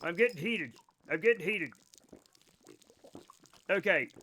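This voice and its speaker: A man's voice: sits high, expressive, slow pace, sharp tone, a little hiss or hum. A man livestreaming a game, chatting casually with his viewers in a rambling, self-interrupting way, swearing now and then. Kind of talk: casual live-stream commentary to chat.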